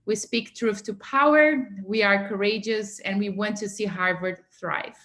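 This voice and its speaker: A woman's voice: mid-range voice, a bit bright. Earnest woman giving a campaign speech. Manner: earnest and measured. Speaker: board candidate. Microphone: video call.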